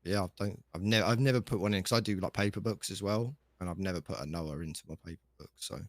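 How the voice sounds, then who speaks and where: A man's voice: deep voice, fast, no room sound, clean studio sound, close to an everyday voice. A man playing a laid-back shop boss. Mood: easygoing. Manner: rambling, filler-heavy and easygoing. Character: laid-back male shop manager, chatty. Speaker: shop chief operating officer. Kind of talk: casual game role-play.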